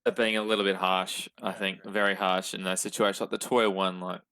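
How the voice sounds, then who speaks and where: A man co-hosting a casual sports podcast, talking in a measured, hesitant way with lots of fillers. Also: sits low, flat delivery, sharp tone, a little hiss or hum. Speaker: podcast co-host.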